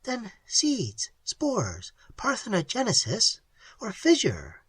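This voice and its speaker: A man reading the part of a spirited, excitable young woman explorer, with earnest, emotional delivery. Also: high-pitched, slow, slightly rough, no echo, voice pushed up, heavily acted. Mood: puzzled. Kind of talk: audiobook character reading.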